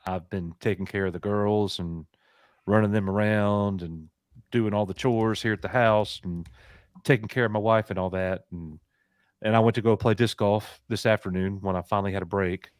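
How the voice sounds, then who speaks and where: A man's voice: fairly low pitch, steady tone, moderate pace, dry recording, studio quality. A man co-hosting a casual livestream, joking and thanking viewers, tired after a long day at home. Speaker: co-host of a fan channel stream.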